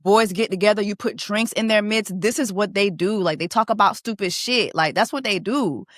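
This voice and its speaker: A woman casually recapping a reality show, animated, profane and laughing as she goes. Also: mid-range voice, moderate pace, no echo, clean studio sound. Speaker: reaction vlogger.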